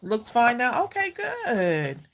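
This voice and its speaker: A woman's voice: on the high side, wildly swooping pitch, slow, a bit bright, slight background noise. A woman hosting a live crafting stream, chatting casually with viewers, greeting them by name and saying "y'all" a lot. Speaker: craft livestream host.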